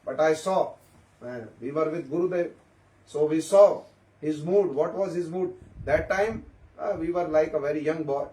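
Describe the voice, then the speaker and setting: A man with a high voice tells stories at a devotee gathering, repeating himself and asking the listeners questions along the way. He sounds a little far from the microphone, and the room around him echoes. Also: normal speed, dark tone. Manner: repetitive, questioning listeners, storytelling. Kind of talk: informal spiritual talk. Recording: echoey room, mic at a distance.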